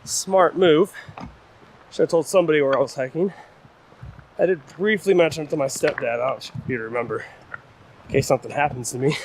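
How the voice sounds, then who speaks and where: A young man chatting to viewers while hiking a rocky trail, out of breath, self-deprecating and talkative, recorded outdoors on a camera-mounted mic. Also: on the high side. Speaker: hiking vlogger. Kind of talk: casual vlog narration while hiking. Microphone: camera-mounted shotgun mic. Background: wind.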